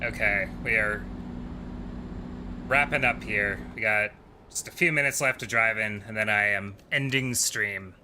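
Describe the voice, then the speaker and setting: A sleep-deprived man rambles to his viewers in a relaxed livestream chat, his voice sitting fairly low. He drifts from thought to thought while driving in a game. A steady engine and road hum runs clearly underneath. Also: unhurried.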